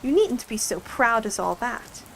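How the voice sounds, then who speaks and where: A woman voicing a curious, polite young girl in a storybook reading, asking questions brightly. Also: fairly high pitch, sing-song, unhurried, creaky, slight background noise, heavily acted, poor audio.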